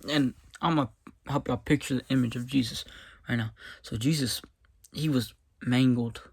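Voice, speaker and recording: A man's voice: mid-range voice, fairly even intonation, normal speed, gravelly, slightly rough. A man doing a casual devotional Bible reading, often breaking off to comment emphatically in a folksy way.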